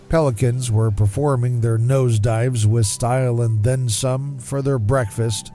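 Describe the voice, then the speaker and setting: A middle-aged man, a podcast host, reading his own scripted narration in a measured, descriptive way. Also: mid-range voice. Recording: soft music underneath.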